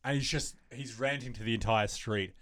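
A man hosting a podcast in casual chat, excitable and rambling, restarting his sentences often. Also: medium pitch, normal speed, heavy background noise. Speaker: podcast host.

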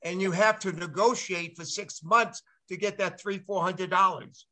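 A man's voice: high voice, fairly even intonation, moderate pace, pushed and bright. An older man on a panel, teasing an old teammate with stories. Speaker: former ballplayer on a panel. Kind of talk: casual storytelling on a panel.

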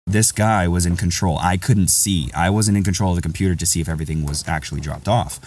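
A man's voice: low-pitched, fast talker, a little mellow, recorded from a distance, slight background noise. A man hosting a podcast, telling a candid, rambling story in casual chat. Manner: rambling, candid, says "bro" a lot. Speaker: podcast host.

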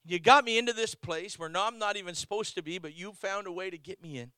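Missionary guy preaching, really high voice, super bright and tense, stories told with lots of restarts. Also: fast talker, clean tone, no echo. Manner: storytelling with restarts and exclamations. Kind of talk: Pentecostal-style sermon.

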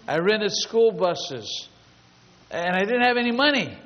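A man's voice: sits high, sing-song, a little slow. A man preaching a sermon as a pastor, telling stories emphatically and building long repetitive lists. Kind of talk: storytelling sermon. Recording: dull lo-fi sound with long hall reverb.

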